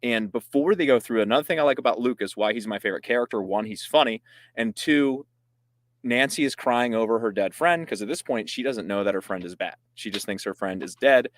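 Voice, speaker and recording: A man co-hosting a casual podcast, relaxed, retelling scenes from a comic and laughing easily. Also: medium pitch, brisk, no echo. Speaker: podcast co-host.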